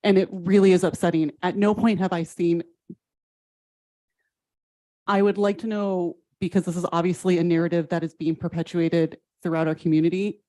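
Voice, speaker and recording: A woman teacher speaks at a school board meeting, earnest and firm, pressing each point in a measured way. Her voice sits low and sounds mellow. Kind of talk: public comment at a board meeting.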